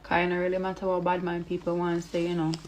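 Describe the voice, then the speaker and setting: A woman's voice: fairly low pitch, completely flat delivery, fast, a little mellow, a little hiss or hum. A woman brushing off critics in a breezy, dismissive way. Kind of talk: social media clip.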